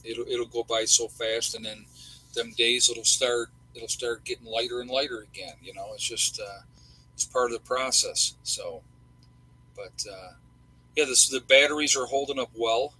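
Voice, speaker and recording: A middle-aged man hosts a casual livestream, rambling in a folksy way with plenty of fillers. His voice is very bright and husky, sitting at an ordinary pitch for a man. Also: fairly even intonation, normal speed, rough recording. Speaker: livestream host.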